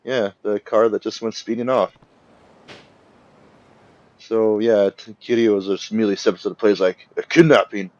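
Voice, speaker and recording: A young man giving rambling, casual commentary over a game, acting out the characters' lines in quick bursts. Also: lowish voice, little pitch movement, a little mellow, dry recording, lo-fi sound. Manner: rambling, filler-heavy, acts out characters' lines. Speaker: let's play commentator.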